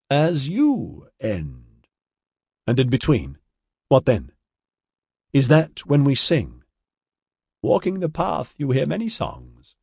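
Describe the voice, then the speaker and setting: A sad, ancient alien woman speaks in slow, sing-song riddles, voiced by a male audiobook narrator. Her husky voice rises and falls widely. The sound is dry and close. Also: medium pitch, a little mellow, dry recording, heavily acted. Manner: slow, lilting, riddling speech. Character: ancient serene female alien singer, mournful.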